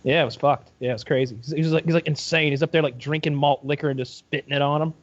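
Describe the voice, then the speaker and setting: Man riffing dark jokes on a podcast. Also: fairly high pitch, steady tone, fast, highs cut off. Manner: joking, darkly comic riffing. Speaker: podcast co-host. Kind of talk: casual podcast banter.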